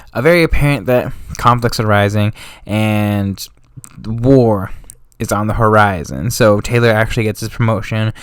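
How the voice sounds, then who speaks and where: A man's voice: on the low side, clean tone, no room sound. Slangy man explaining history, dry sound. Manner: slangy and offhand, drifting into street talk; rambling, with frequent self-corrections. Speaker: history channel host.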